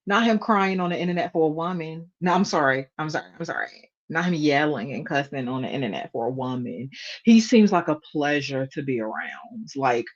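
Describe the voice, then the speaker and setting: A woman's voice: sits low, dull audio. A woman hosting a casual reaction video, blunt and sarcastic in her commentary.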